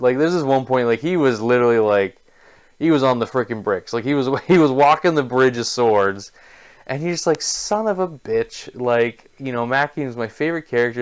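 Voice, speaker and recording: Male book reviewer, casual and effusive, mid-range pitch, clear resonant tone. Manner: enthusiastic, gushing, heavy use of filler words.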